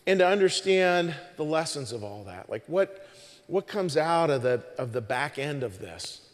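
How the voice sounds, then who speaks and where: A man's voice: on the high side, very animated, normal speed, long reverb tail. A man, the pastor hosting the service, giving an informal sermon talk to the congregation in a conversational way full of restarts. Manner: conversational, with many restarts and "you know"s. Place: church stage.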